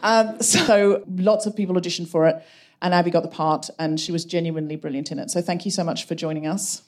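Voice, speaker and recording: A woman hosting a live comedy podcast, quick and witty, speaking with emphasis before an audience. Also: fairly low pitch, steady tone, darkish tone. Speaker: podcast host.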